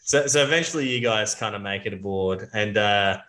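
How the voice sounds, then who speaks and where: A man's voice: lowish voice, a little fast, bright, forceful tone, echoey room. A man narrating as game master of a tabletop role-playing game, with many fillers and restarts.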